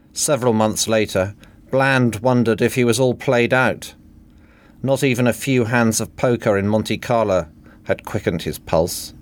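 A man reading a comic book parody aloud in a dry, deadpan manner. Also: on the low side. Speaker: narrator.

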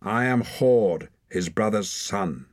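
A man's voice: fairly low pitch, animated, slow pace, no echo, clean studio sound. A man voicing an arrogant young male hunter of about nineteen, scornful and commanding, in an audiobook. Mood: haughty commanding. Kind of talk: audiobook character voice.

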